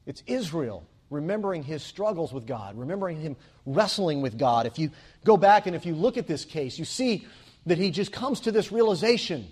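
Guy preaching, earnest and emphatic, voice on the higher side. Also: sing-song, normal speed, darkish tone, slightly rough. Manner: earnest, emphatic, repeats phrases for stress. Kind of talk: sermon.

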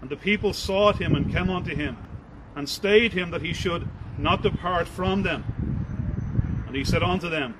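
A man, a preacher, reading scripture aloud in a measured, formal way and then starting his sermon. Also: on the high side, heavy background noise.

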